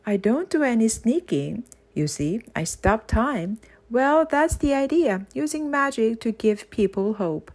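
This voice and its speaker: A woman reading aloud as Father Christmas, gentle and patient as she explains. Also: a little high, lively intonation, measured pace. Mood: earnest. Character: kindly earnest Father Christmas, old man. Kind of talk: audiobook character voice.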